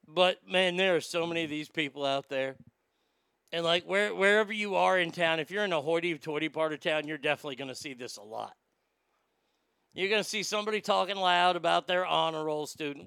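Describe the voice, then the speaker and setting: Blunt, bright-voiced swearing male comic. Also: fairly high pitch, a little fast, vocal fry, smooth, no room sound, clean studio sound. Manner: blunt, swearing, riffing storyteller. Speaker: podcast host answering listener mail. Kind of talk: profane comedic advice rant.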